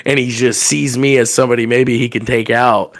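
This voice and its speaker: A young man from telling a rowdy story on a podcast, acting out the people in it with loud raised voices. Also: medium pitch, a little fast. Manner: animated, acts out quotes with loud raised voices. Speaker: podcast guest telling stories. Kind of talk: casual storytelling.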